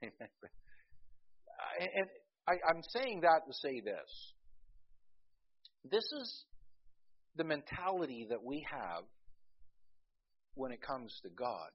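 A man's voice: medium pitch, sing-song, takes it slowly, pauses often, slightly rough, muffled recording. A man preaching a sermon as a pastor, telling humorous anecdotes and calling out to the congregation for amens.

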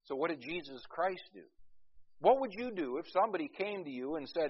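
Male preacher, husky mid voice, rambling conversational sermon full of restarts, dull lo-fi recording. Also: a little high, expressive, moderate pace, pauses often. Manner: conversational storytelling with many fillers and restarts.

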